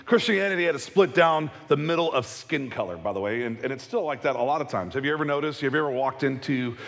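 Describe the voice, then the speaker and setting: A male pastor giving a casual, conversational sermon, chatty with joking asides and quick acted-out voices. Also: mid-range voice, expressive, vocal fry, long reverb tail. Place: church hall.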